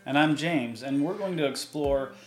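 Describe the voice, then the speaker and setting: Man in an echoey intro over loud music. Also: fairly high pitch, normal speed. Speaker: podcast co-host. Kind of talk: scripted podcast intro.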